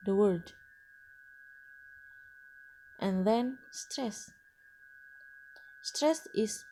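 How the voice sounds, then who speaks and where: Non-native english teacher lady, mellow voice, talks slow with lots of uh's. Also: mid-range voice, slight background noise. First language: Indonesian. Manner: slow and hesitant, frequent uh fillers and restarts. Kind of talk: lecture presentation.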